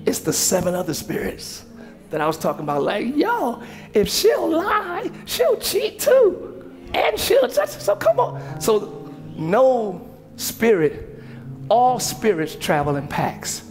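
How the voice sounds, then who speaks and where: A man preaching a sermon as pastor in a church, animated, with slangy asides and sudden shouted passages. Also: very high voice, slow pace, soft background music. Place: church sanctuary.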